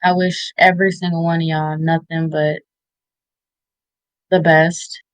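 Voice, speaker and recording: Woman, 30s, slow, dry sound, tearful, heartfelt, interview guest. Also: deep voice, little pitch movement, dry recording, rough recording. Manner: tearful, heartfelt, halting with many fillers. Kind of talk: emotional interview, giving shout-outs.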